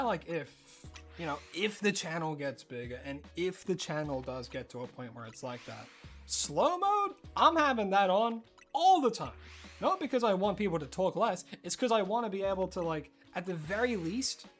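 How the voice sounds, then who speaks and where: A streamer with an Australian accent, chatting casually and rambling while playing, breaking into excited disbelief. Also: mid-range voice, moderate pace, soft background music. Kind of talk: casual live-stream chat while gaming.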